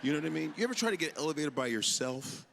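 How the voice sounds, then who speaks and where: Animated male stand-up comedian, live club. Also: on the high side, very fast, gravelly. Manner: animated, acts out characters with big shouted outbursts. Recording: live club recording with audience noise.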